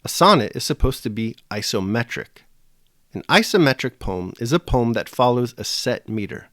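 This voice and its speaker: A male instructor explains poetry with measured, dryly witty phrasing. His pitch moves up and down a lot as he lectures. The sound is close and dry, with no room around it. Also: very animated, a bit bright, dry recording. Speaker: teacher. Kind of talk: scripted video lecture.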